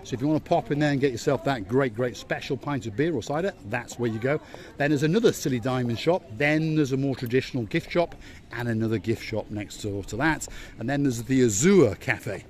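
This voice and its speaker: Speaking fairly quickly in a medium-pitched, slightly mellow voice, a man gives playful walking-tour commentary for his vlog outdoors on a seaside promenade. As host and guide, he repeats words for emphasis.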